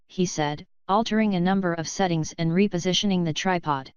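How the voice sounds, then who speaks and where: A woman narrates a fan fiction audiobook calmly and evenly, a little fast. Her slightly low voice has a clean tone and comes through very clean and dry with no echo, though the recording sounds slightly dull.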